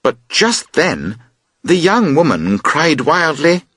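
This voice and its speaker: Husky slow-reading male narrator. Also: on the high side, no echo, clean studio sound. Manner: expressive, voices characters. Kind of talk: audiobook reading of a graded reader.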